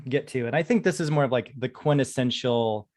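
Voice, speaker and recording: A man's voice: medium pitch, moderate pace, darkish tone, slight background noise. A man hosting a panel, posing questions to the guests in a casual, friendly way. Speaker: host.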